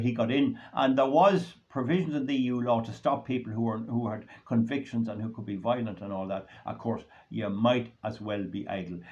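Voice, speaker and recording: On a dull lo-fi recording, an Irish man with a medium-pitched, darkish voice hosts his own commentary channel. His solo monologue rambles, sounds indignant and gets more heated as it goes.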